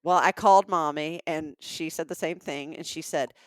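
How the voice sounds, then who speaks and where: A woman in her fifties with a Southern American accent, talking in a relaxed, chatty way and laughing often. Her voice sits low for a woman. The sound is dry and close, with no room around it. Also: normal speed, dry recording. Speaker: podcast co-host. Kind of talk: casual chat.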